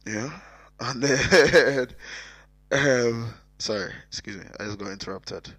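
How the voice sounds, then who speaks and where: A man's voice: mid-range voice, slow, fairly bright tone, husky, dry recording, low-quality recording. A man with a Cork Irish accent hosting his podcast, talking loosely and jokily, swearing often and trailing off into restarts. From Ireland. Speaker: podcast host. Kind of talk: casual rambling solo intro.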